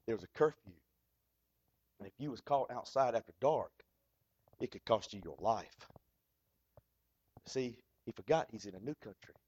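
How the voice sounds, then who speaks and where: A man's voice: medium pitch, a little mellow, breathy edge. A man preaching a folksy, fervent sermon. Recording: dull lo-fi recording.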